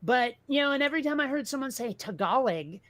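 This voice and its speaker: A woman co-hosting a casual talk show, blunt and animated, swearing freely. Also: high-pitched, racing, no echo. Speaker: podcast co-host. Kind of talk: casual chat.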